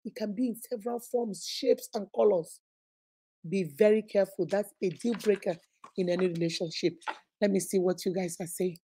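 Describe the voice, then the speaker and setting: Nigerian-accented woman, emphatic advice livestream host, warm and fairly high. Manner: emphatic, preachy, addresses viewers directly.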